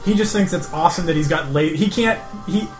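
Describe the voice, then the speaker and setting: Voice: mid-range voice, brisk, reverberant, music in the background. A player casually narrating their character in a tabletop game, rambling a little.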